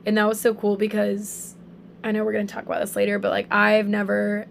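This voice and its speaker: Young woman, casual storyteller, lots of fillers, gravelly fry, faint background hiss. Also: medium pitch, fairly quick. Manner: animated storytelling with many fillers. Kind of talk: casual faith chat.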